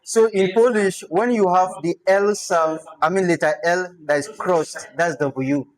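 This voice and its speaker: A man's voice: high-pitched, steady tone, measured pace, low-quality recording. A man giving an online lesson on spelling, thinking aloud, sounding out words and chuckling as he goes. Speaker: instructor.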